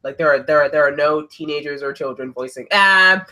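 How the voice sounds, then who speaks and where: A man hosting a casual podcast, his voice bright and a touch high. He rambles through his points with lots of fillers and restarts, in a relaxed group-chat style. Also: a little fast. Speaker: podcast host.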